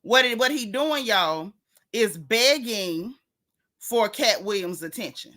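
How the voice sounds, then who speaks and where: A woman's voice: medium pitch, lively intonation, takes it slowly, bright, forceful tone. A woman hosting a casual gossip livestream, talking in a sassy drawl and greeting her viewers.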